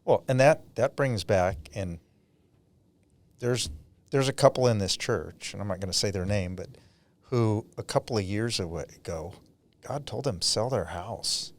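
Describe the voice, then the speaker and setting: A man speaking as a guest financial planner in an interview, earnest and reflective, sometimes halting to find his words. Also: fairly low pitch. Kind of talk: conversational interview.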